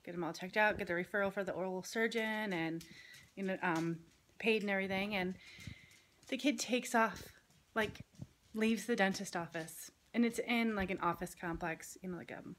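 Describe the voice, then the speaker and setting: A woman's voice: mid-range voice, moderate pace, fairly bright tone, a little hiss or hum. A woman vlogging as a mother, telling a story in casual chat full of fillers, partly out in the yard. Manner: chatty storytelling with many fillers. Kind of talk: casual family vlog chat. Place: home, partly outdoors in a yard.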